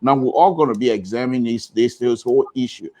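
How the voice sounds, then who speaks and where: A man speaking on a radio panel, measured and hesitant with frequent fillers. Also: mid-range voice, a little mellow.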